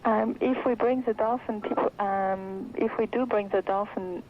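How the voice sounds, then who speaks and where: A woman on the line to a talk radio show, speaking in a mid-pitched voice. She is earnest but hesitant and keeps pausing with fillers. Her voice comes through muffled, with faint background noise. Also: steady tone. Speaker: caller.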